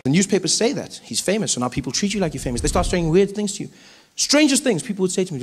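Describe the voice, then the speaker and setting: High-voiced South African comedian. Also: male voice, fast, slight background noise. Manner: animated, switches into voices. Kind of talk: stand-up storytelling.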